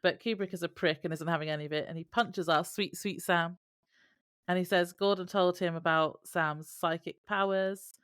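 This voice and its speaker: Her voice is fairly low-pitched, fairly bright, clear and resonant, with fairly even intonation at a normal speed. As a podcast co-host, she casually recaps a TV episode, laughing often and retelling scenes through quoted lines, in clean studio sound with no echo.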